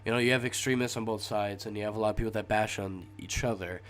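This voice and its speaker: A man's voice: on the low side, fairly even intonation, fast talker, a bit bright. A young man hosting a casual solo podcast, sounding stuffy from a cold and rambling with frequent hesitations and restarts. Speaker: podcast host.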